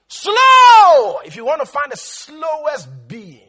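A man with a very high, bright and somewhat husky voice delivers a sermon as a pastor. His pitch swings widely as he drags words out for emphasis and then bursts into shouts. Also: very animated, normal speed.

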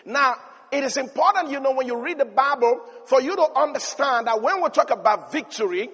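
A man preaching a sermon, telling the story with animated emphasis and rising to shouts of praise. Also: very high-pitched, brisk, husky. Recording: long reverb of a large hall.

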